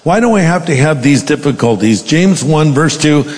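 A man's voice: on the high side, animated, moderate pace, darkish tone, big-room sound. A male pastor preaching a sermon, reading scripture aloud with dramatic emphasis.

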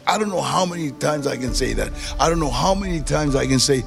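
A gravelly male storyteller whose pitch rises and falls a lot as he acts out quick back-and-forth dialogue. He talks in a casual way, and faint music runs underneath him. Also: animated. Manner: gravelly, acts out dialogue in short quoted exchanges. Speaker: guest telling his life story.

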